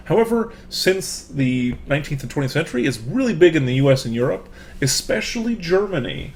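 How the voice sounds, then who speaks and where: A professor gives a casual online lecture through a computer microphone, his mid-range voice over slight background noise. His speech is full of fillers and restarts.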